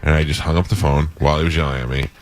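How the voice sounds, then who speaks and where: A man's voice: rumbling low, steady tone, very fast, no echo. A middle-aged man hosting a radio morning show, telling a blunt, profane story full of quoted back-and-forth. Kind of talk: casual storytelling chat.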